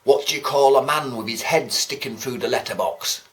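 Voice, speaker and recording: A man's voice: mid-range voice, normal speed, fairly bright tone, close to an everyday voice. A man doing a smug joke-telling bus passenger.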